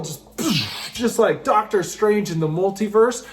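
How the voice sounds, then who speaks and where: A young man telling a wild personal story in a casual, excitable way, with lots of "like" and "just". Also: high-pitched, normal speed.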